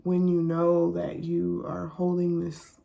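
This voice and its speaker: A woman giving a reflective oracle card reading, talking softly and haltingly with many fillers. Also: lowish voice, monotone, gravelly. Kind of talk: reflective spiritual monologue.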